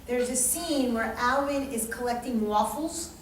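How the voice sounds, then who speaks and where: Animated woman teaching from far off. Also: on the high side, a little slow, slight background noise. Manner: animated storytelling, quotes people in their voices. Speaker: astrology teacher. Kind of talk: live workshop talk with audience. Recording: echoey room, voice from far off.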